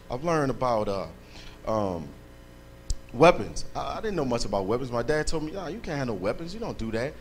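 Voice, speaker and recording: A man's voice: on the high side, a little hiss or hum. A man giving a fervent, thankful testimony at a church service, speaking emphatically to the congregation.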